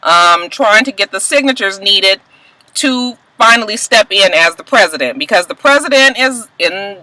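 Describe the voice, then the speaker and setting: A woman recapping a TV episode in an animated, gossipy, salty way, chatting to her viewers. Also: mid-range voice, normal speed, dry recording, poor audio. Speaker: TV recap vlogger.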